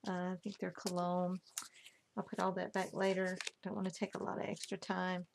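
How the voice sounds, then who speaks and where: A woman's voice: on the low side, completely flat delivery, normal speed, vocal fry, background noise. A woman casually showing off a handmade album she crafted, gushing over every detail. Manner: gushing, admiring each detail. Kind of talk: casual craft show-and-tell.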